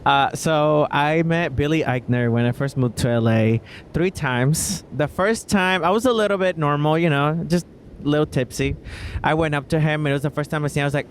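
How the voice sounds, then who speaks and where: A man, a singer-songwriter and podcast host, tells casual stories in an expressive way, laughing often and calling the listener baby. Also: on the high side, normal speed, a little hiss or hum. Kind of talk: casual storytelling monologue. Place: Los Angeles, indoors.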